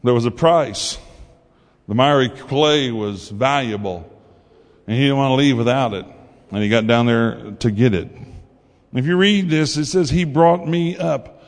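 A man's voice: medium pitch, a little slow. A man giving a sermon testimony, telling his story in a folksy way and acting out the voices in it. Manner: folksy storytelling, acts out quotes. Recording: long hall reverb.

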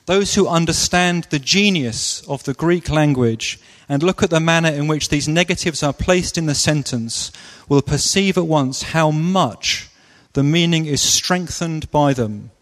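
Slow-preaching man in a reverberant hall. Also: fairly high pitch. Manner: slow, deliberate delivery with emphatic pauses. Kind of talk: sermon. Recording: long reverb of a large hall.

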